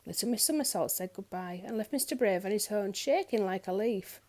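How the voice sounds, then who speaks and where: A woman reading a children's picture book aloud in an expressive storyteller's manner. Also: mid-range voice, a little fast. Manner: expressive, lilting.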